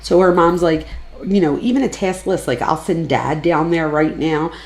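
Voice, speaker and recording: Woman, low gravelly voice, chatty true crime commentary, conversational. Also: moderate pace. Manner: chatty, conversational, quotes people in a lifted voice. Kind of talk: casual analytical commentary.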